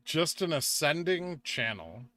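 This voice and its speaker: A young man hosting a casual livestream, chatting with viewers, reading out donations and making quick asides. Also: fairly high pitch, sing-song, pushed and bright. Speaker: livestream host.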